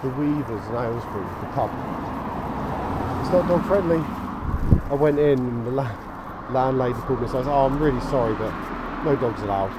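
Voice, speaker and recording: Walking his dog outdoors past a park, a canal path and a high street, an Englishman chats in a matter-of-fact way for his vlog. His voice is medium-pitched, and he talks fairly quickly but pauses often. Street noise carries in the background.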